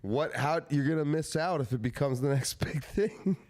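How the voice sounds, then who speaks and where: A man's voice: fairly high pitch, normal speed, a little mellow. A man hosting a live podcast, joking and rambling in casual banter. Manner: joking, rambling, laughs often. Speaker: podcast host.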